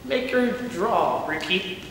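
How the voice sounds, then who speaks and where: A man's voice: sits high, expressive, normal speed, fairly bright tone, distant mic, slight background noise. A young man voicing a tough, wry twelve-year-old boy who talks bluntly, performed live in an echoey hall.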